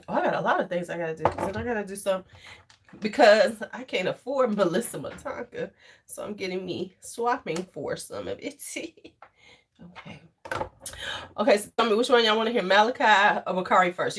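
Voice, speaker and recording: A woman's voice: mid-range voice, a little hiss or hum. A woman hosting a casual livestream, rambling between topics, laughing often and chatting with her viewers. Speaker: livestream host.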